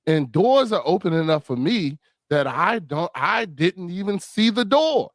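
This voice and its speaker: A man talking about faith in a casual discussion, animated and full of conviction, often restarting his phrases. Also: high voice, measured pace, dry recording.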